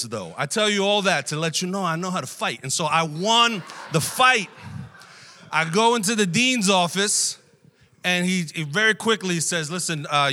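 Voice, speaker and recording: Guest preacher, male, animated storyteller; bright, slightly high voice; church hall with long reverb. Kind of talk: storytelling sermon.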